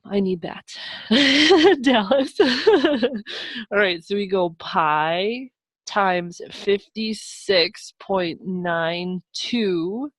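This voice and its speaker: Speaking on the low side, a young adult woman teacher leads a live online math lesson via video call microphone, with no echo. She keeps things upbeat and encouraging and throws in chatty asides to her students.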